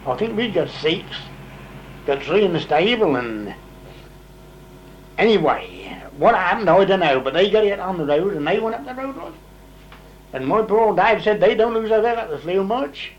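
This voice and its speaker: An older man spins a long, rambling farm story in easy dialect. His voice sits fairly high for a man, and a faint hum runs underneath it. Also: normal speed, muffled recording. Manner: rambling, dialect grammar, lively when voicing others' words. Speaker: interviewee telling old farm stories. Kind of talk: casual storytelling.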